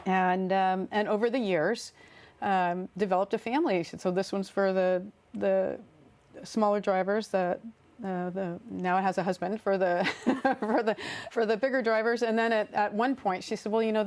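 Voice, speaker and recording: A woman's voice: medium pitch, fairly even intonation, normal speed, darkish tone. Chatty woman telling stories in an interview. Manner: chatty, laughs often, many fillers and restarts. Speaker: interview guest, artist and songwriter. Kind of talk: casual interview storytelling.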